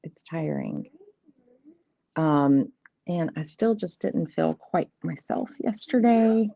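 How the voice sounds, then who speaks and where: Woman, live-stream host, casual chat, giggly, laughs a lot, unhurried, dry dull lo-fi stream sound. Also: fairly low pitch, lively intonation, gravelly, dark tone, no room sound. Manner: chatty and giggly, laughs often. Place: at home, at her desk.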